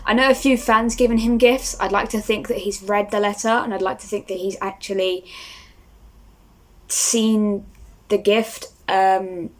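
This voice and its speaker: A woman's voice: mid-range voice, steady tone, unhurried. A young woman, talking casually to camera as a vlogger and rambling with lots of fillers. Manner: rambling, starstruck, many fillers.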